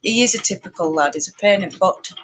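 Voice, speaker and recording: A woman with a Yorkshire accent chatting casually and rambling on a live stream, talking loudly over her spinning wheel and laughing often. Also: medium pitch, fast talker, a little hiss or hum, low-quality recording. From Yorkshire, England. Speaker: spinning channel host.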